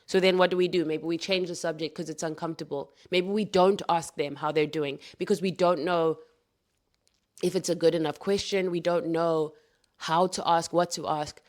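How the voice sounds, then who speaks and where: Earnest woman, soft reflective talk. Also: fairly low pitch. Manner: earnest, heartfelt, addresses listeners as darlings. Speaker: podcast host. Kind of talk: reflective spoken monologue.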